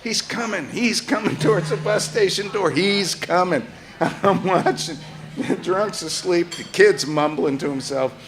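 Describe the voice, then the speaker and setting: Brief: older male storyteller, salty and animated, laughs through his tale. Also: high-pitched, measured pace. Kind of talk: live personal storytelling.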